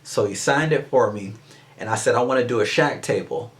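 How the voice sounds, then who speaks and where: A man's voice: mid-range voice, brisk. A man who is a memorabilia artist and show host, telling stories in an eager, rambling way full of restarts. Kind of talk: casual interview storytelling.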